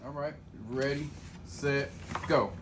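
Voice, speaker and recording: A man's voice: medium pitch, fairly even intonation, slow pace, background noise. A man hosting a food challenge from behind the camera, teasing and laughing in a laid-back way. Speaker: challenge host filming. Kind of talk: casual challenge video.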